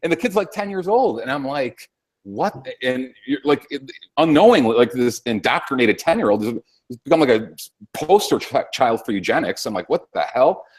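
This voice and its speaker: A man's voice: mid-range voice, animated, fairly quick. A man in casual political talk-show chat, rambling and sarcastic, swearing often.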